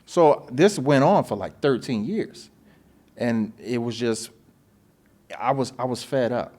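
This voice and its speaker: A man in his forties, hosting a podcast and telling his story in a casual, animated way, acting out phone calls with voices and swearing. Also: mid-range voice, takes it slowly.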